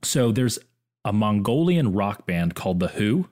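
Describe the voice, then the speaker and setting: A man co-hosting a podcast, chatting in a relaxed, jokey way about his kids. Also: lowish voice, unhurried. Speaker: co-host, father. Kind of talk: casual chat.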